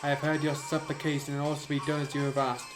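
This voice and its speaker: A man reading the lines of a gentle female sun goddess in a story. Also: a little high, completely flat delivery, quick pace, lightly acted. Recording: echoey room, music behind.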